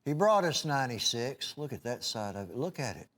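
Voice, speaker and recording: A man's voice: mid-range voice, sing-song, a little fast, a bit bright. A man hosting a home-shopping knife sale, folksy and rambling, with many "uh"s and restarts. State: clearing his throat now and then. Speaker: TV shopping host selling knives. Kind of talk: live home-shopping sales pitch.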